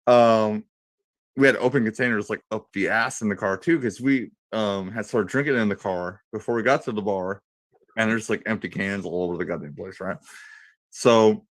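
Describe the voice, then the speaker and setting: A lowish male voice at a moderate pace, with no room sound, belongs to a radio panelist in his thirties. He's an animated, profane storyteller, rambling through a crude yarn full of swearing in casual banter.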